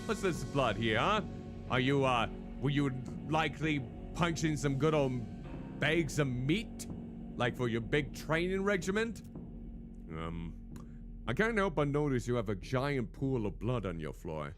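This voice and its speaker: A man's voice: mid-range voice, very animated, measured pace, music in the background. A man streaming a game, reading its text aloud theatrically and making joking asides.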